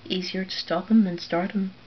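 Big calm tiger talking low and growly, lady doing the voice, muffled lo-fi hiss. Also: normal speed, lightly acted. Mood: gruff. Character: calm, gruff old male tiger.

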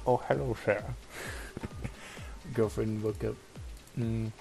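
A man's voice: on the low side, steady tone, slow, creaky, mellow. A man hosting a comedy podcast, chatting casually in a wry, drawling way. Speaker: podcast host. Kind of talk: casual chat. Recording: faint music bed behind.

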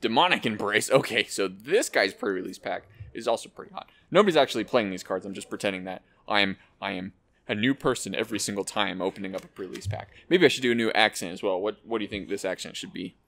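A man hosting an unboxing, excitedly calling out card names and cracking quick jokes as he goes. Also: fairly low pitch, vocal fry. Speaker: host opening card packs. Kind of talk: casual unboxing commentary.

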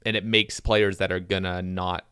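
A man hosting a casual gaming podcast, talking in a relaxed, rambling way. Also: sits low, normal speed, smooth, dry recording, studio quality. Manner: relaxed, rambling with many "like" fillers. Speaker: podcast host.

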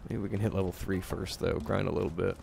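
A man's voice: sits low, fairly even intonation, fast talker, vocal fry, background noise. A young man streaming a video game, chatting casually and poking fun at himself. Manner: chatty, self-deprecating. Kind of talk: casual let's-play commentary.

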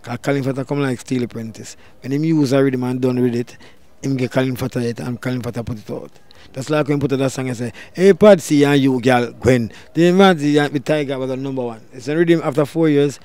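A middle-aged Jamaican dancehall deejay tells a story in an interview, speaking quickly in a mid-range voice with no room sound. He's animated, raising his voice in loud bursts when acting out what people said.

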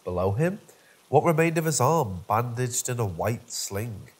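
A man's voice: medium pitch, very animated, measured pace, breathy edge. A man narrating a first-person horror story from a script, in a dry, wry storytelling manner.

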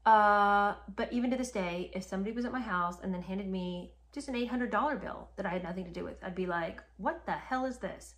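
A woman's voice: mid-range voice, fast, few pauses, a bit bright. A woman casually retelling a history story to the camera, speaking straight to her viewers in an indignant, emphatic way. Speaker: history commentator.

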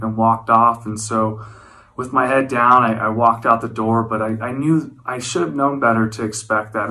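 A man in his thirties speaks as a guest at an event, giving a personal testimony. His voice is bright and forward. He talks earnestly and reflectively, and he often doubles back to restart a phrase. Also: medium pitch, poor audio. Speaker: guest speaker, former wildland firefighter.

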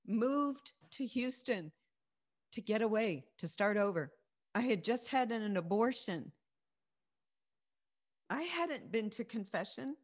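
A woman's voice: on the high side, sing-song, takes it slowly, long pauses. A woman leading a Christian teaching on a video call, sharing her testimony earnestly and repeating key phrases for emphasis. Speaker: faith group teacher.

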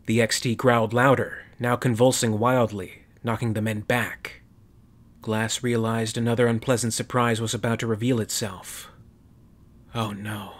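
A man's voice: mid-range voice, level tone, normal speed. A man narrating a sci-fi story in a dramatic storytelling manner. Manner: dramatic storytelling, voicing every character. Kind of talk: audiobook fan fiction reading.

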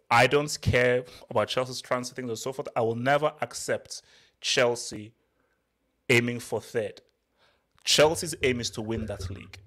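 A man's voice: mid-range voice, fairly bright tone. Passionate man interrupting in a debate. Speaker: Chelsea fan pundit. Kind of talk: casual debate chat.

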